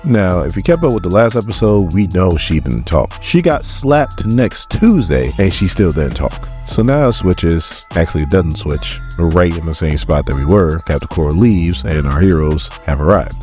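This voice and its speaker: Man, deep voice, casual comic recap, laughs while retelling scenes, faint music behind. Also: moderate pace, hardly any pauses. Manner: animated retelling with laughs and quoted lines.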